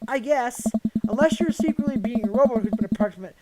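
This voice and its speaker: A woman voicing a kind, joking father who gives earnest, gentle advice. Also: a little high, fast, a loud crowd, natural voice, rough recording. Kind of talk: voicing a visual novel character.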